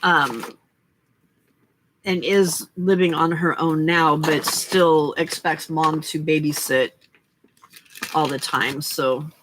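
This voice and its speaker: Middle-aged woman, craft stream host, unhurried, bright tone, chatty aside-prone delivery, home setup with a faint hum behind. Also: low-pitched, fairly even intonation. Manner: chatty, talks to her cats and viewers between stories. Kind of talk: casual late-night crafting chat.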